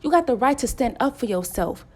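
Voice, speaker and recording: A woman with a somewhat high voice delivers a spiritual warning, scolding and repeating herself like a preacher. She speaks in as she addresses her followers directly. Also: expressive, a little fast, a little mellow. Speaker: spiritual channel host.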